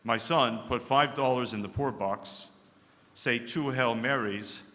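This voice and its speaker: A man playing a kindly Catholic priest hearing confession inside a joke. The priest speaks gently, in a routine pastoral tone. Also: medium pitch, unhurried. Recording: echoey large hall with long reverb.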